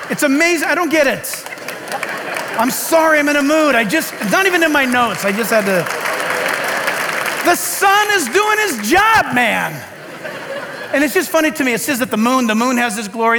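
A man preaching a sermon in an animated, joking way, with sarcastic asides to the congregation. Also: very high-pitched, noisy background. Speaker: pastor.

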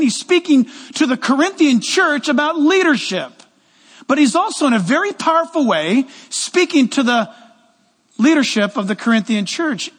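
High-voiced animated preacher in echoing hall. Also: male voice, husky. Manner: animated, exhorting, acts out quoted voices. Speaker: pastor. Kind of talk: sermon.

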